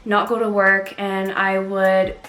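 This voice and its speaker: A young woman from Canada, vlogging to camera and telling her own story in an earnest, candid way with soft pauses. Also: mid-range voice, level tone. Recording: echoey room with faint music.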